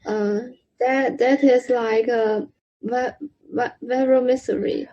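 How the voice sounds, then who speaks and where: A woman learning a language, talking haltingly with many restarts and fillers over a video call. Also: a little high, fairly even intonation, dark tone, dull audio. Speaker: language student. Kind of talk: halting spoken practice.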